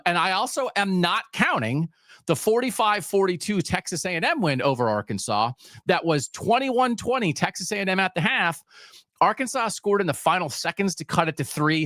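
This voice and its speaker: Lively ranting sports podcast host, man. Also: fairly high pitch, dry recording, clean studio sound. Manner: sarcastic, emphatic, ranting. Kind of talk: solo sports rant.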